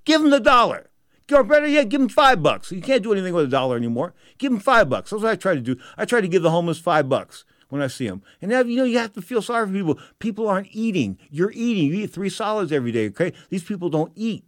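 A middle-aged man from San Francisco hosting a talk radio show, telling stories in an emotional, animated way with repeated phrases. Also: high voice, fast, few pauses, no echo, studio quality. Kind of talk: storytelling talk radio monologue.

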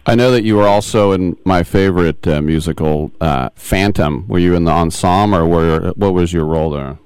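A man's voice: low-pitched, normal speed, darkish tone, clear, resonant tone, no echo. A man hosting a radio show, asking questions in a chatty, joking, self-mocking way. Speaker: sports radio host. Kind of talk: radio interview.

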